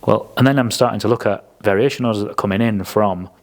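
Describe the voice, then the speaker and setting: Man, casual podcast, sweary storyteller, lowish voice. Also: fairly even intonation, quick pace. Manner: blunt, sweary storyteller who acts out quotes. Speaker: podcast speaker.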